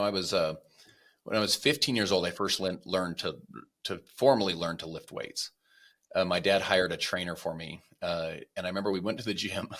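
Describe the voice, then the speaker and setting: A man with a very deep voice that has a bright, forceful edge, talking as a podcast guest. He tells motivational stories in an earnest way and puts on animated voices for the people he quotes. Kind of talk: motivational storytelling.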